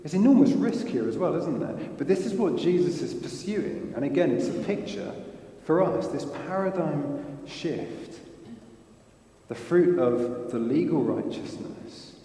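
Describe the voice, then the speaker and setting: A man's voice: on the high side, expressive, unhurried, mellow. A man preaching a sermon in an earnest way, asking rhetorical questions of his listeners. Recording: echoey hall.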